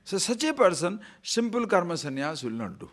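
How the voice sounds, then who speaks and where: An older man gives a spiritual teaching talk, telling stories in an animated way and laughing often. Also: high-pitched, brisk. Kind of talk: scripture talk.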